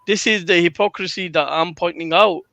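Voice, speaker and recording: A man debating on a live podcast panel, pressing his point and talking over others. His voice sits high and bright. It sounds close and dry. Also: fairly quick, gravelly, dry recording, dull audio. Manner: argumentative, interrupting.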